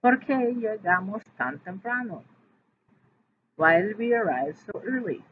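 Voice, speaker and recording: A woman's voice: mid-range voice, expressive, a little slow, lightly acted. A woman reading a second teenage boy's lines from a textbook dialogue, translating each line after saying it. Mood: puzzled. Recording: tinny phone-like audio with faint hiss.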